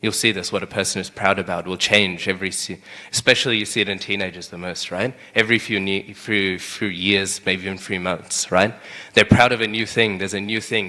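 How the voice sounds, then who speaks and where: A man's voice: fairly low pitch, normal speed, pushed and bright. Young man giving a scripture class, echoing hall. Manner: conversational, keeps asking "right?". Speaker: class speaker. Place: temple hall. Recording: hall with long reverb.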